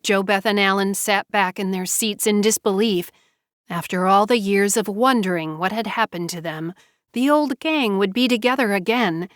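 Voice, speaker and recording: Woman reading an audiobook, calm steady storytelling, dead dry studio. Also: medium pitch, dry recording. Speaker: audiobook narrator. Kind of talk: scripted narration.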